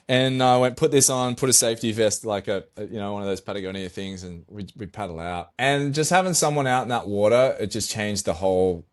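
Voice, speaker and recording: Middle-aged surfer guy on a podcast, kinda low voice, swears a lot, acts out what he said back then. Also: a little fast, few pauses. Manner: animated, swears, acts out his own dialogue, says "like" often. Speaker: pro surfer, podcast guest. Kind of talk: casual storytelling.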